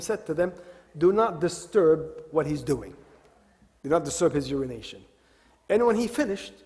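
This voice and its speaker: Man telling stories in a reverberant hall. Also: high-pitched. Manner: retells stories, repeats key phrases, mixes in Arabic devotional expressions. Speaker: religious lecturer. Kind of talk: religious talk with storytelling. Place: Islamic center hall.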